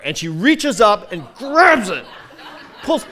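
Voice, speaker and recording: A man in his thirties, a pastor, telling a personal story in a sermon with animated, self-deprecating humor and many restarts. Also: sits high, slow pace.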